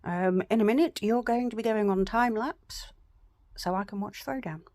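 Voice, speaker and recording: A woman's voice: mid-range voice, normal speed, a little mellow, no room sound. A woman vlogging casually from her home craft room, chatty and self-deprecating, rambling with plenty of fillers. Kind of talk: casual chat to camera.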